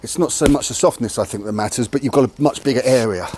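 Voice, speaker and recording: A man's voice: medium pitch, fast talker, a little mellow, slight background noise. A man explaining martial arts training in a candid, matter-of-fact way while demonstrating outdoors. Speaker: martial arts channel host. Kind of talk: casual training demonstration to camera. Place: outdoors near a tree.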